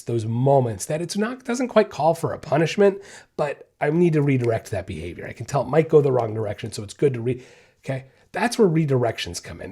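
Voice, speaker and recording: A man's voice: medium pitch, slightly rough. A man hosting a casual dog-training podcast, explaining points with lots of repetition and checking in with "right?" and "okay?". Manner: animated, repeats points, asks "right?" and "okay?". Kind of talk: casual instructional podcast talk.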